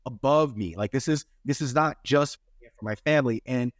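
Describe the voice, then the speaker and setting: A man's voice: mid-range voice, normal speed, no echo, studio quality. A man in his thirties hosting a podcast interview, talking earnestly and preaching a little, tagging his points with "right?". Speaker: podcast host. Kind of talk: casual interview chat.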